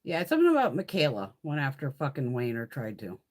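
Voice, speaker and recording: A woman's voice: extremely low pitch, huge pitch swings, fast, a little mellow. A woman hosting a casual live makeup stream, chatting in a blunt, profane, ranting way as she swatches products. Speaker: beauty livestream host. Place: home, in Connecticut.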